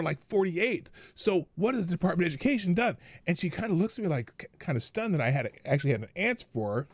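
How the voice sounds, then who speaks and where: A man's voice: fairly high pitch, no echo. American guy on his live show, swoopy voice going up and down, chatty and laughing, dry sound. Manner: animated, acts out quoted voices, laughs often. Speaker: livestream host. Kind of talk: casual storytelling on a live stream.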